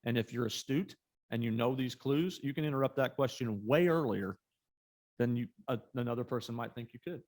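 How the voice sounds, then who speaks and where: A man co-leading a quiz coaching clinic, calmly explaining tactics and adding to his co-host's points. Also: medium pitch, a little fast. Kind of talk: coaching workshop talk.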